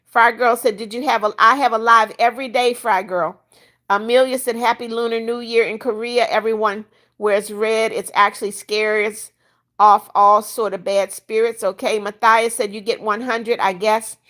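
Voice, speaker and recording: A woman's voice: fairly high pitch, steady tone, normal speed, a bit bright. An older woman hosting a casual livestream, reading viewer comments aloud and bluntly kicking out troublemakers. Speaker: livestream host reading chat.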